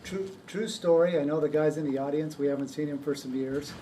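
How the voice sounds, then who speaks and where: A man's voice: on the high side, fairly quick, mellow. A man chiming in during a talk and urging someone to tell his story. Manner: eager interjections, urging others to talk. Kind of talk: casual chat with a crowd. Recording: distant mic, faint background noise.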